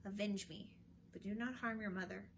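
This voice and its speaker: A woman's voice: medium pitch, steady tone, creaky, slight background noise, lightly acted. Woman doing a hollow, solemn ghost king. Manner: slow, grave, hollow delivery.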